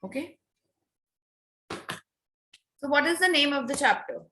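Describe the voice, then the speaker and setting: Slow, patient woman teaching French. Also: high-pitched, expressive, bright, forceful tone, a little hiss or hum. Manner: slow, patient drilling of pronunciation. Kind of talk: online class lesson. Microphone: video call.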